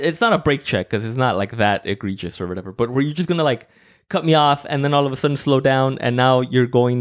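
A man, co-hosting a casual podcast chat and ranting about drivers in an animated, sweary way that keeps turning shouty. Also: mid-range voice. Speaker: podcast co-host.

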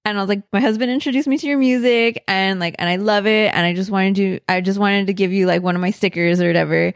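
A woman's voice: medium pitch, steady tone, quick pace, no echo, clean studio sound. A woman telling a story in a casual chat with her husband, full of fillers and swearing. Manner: swears a lot, many fillers.

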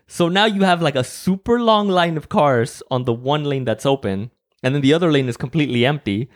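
A man, co-hosting a casual podcast chat and ranting about drivers in an animated, sweary way that keeps turning shouty. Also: on the high side, normal speed. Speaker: podcast co-host.

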